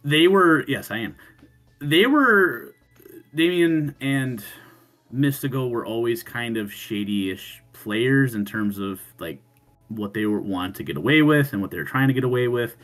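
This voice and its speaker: A man on a podcast telling a story in casual chat, animated, swearing freely and laughing, often restarting his sentences. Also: medium pitch, unhurried, soft background music. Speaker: podcast co-host.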